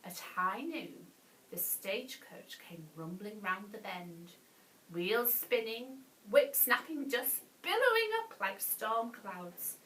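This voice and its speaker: A woman reading a bedtime story to children, animated, with gasps and playful asides. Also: mid-range voice, takes it slowly, far from the mic, slight background noise. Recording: echoey room, voice off-mic.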